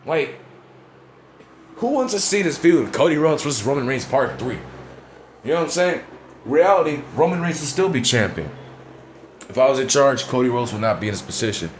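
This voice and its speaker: A man's voice: mid-range voice, expressive, fairly quick, slight background noise. A man ranting in a blunt, profane way in casual talk, often asking if you know what he's saying. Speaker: wrestling commentator vlogger. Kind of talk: casual opinion rant.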